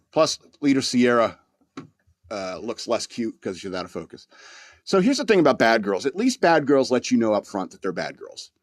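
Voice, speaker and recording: A man's voice: medium pitch, dry recording, studio quality. A man hosting a podcast, rambling through a crude, mock-angry comedic rant and laughing at his own jokes. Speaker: podcast host.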